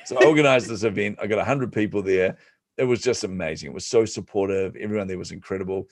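A man, a podcast guest, telling stories in an animated, self-deprecating way and acting out the voices of people he quotes. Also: on the low side, quick pace, dry recording. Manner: self-deprecating humor, frequent laughs. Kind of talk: storytelling in an interview.

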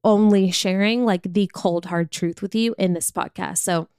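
A woman's voice: medium pitch, fairly even intonation, normal speed, a little mellow, clean tone, dry recording, clean studio sound. A woman hosting a podcast, telling a personal story in a frank, confessional, conversational way. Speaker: podcast host.

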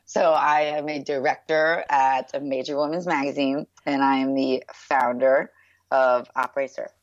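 A woman from New York, USA, in her thirties and the founder of a brand, chats upbeat and loosely about her work as an interview guest, often saying "like" and "um." Her strikingly deep, low voice has fairly even intonation and a measured pace. The recording is dull and lo-fi, dry and close, with no room sound.

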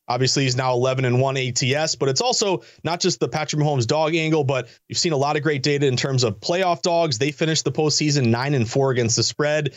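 A man talking as a sports betting analyst guest in quick, energetic, chatty sports betting banter. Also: medium pitch, dry recording, muffled recording. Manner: fast, energetic, chatty delivery. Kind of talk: casual sports betting talk.

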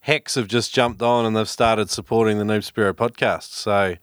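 A man's voice: fairly low pitch, fairly even intonation, normal speed, fairly bright tone, smooth, dry recording, clean studio sound. A man hosting a podcast interview, upbeat and keeping the chat moving. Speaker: podcast host.

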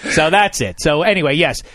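A man in his thirties hosting a radio talk show, telling a story in a lively, sarcastic way. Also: a little high, noisy background. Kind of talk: casual storytelling chat.

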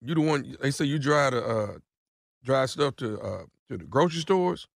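A man's voice: mid-range voice, lively intonation, moderate pace, gravelly, no echo, studio quality. A man on a radio show making a prank phone call, talking in a laid-back, slangy, hesitant way.

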